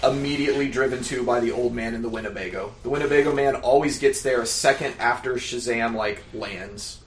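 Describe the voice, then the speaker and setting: A man co-hosting a casual chat tosses in wry, joking remarks. His voice sits at an ordinary middle pitch. The sound carries a clear roomy echo. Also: brisk. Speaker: podcast co-host.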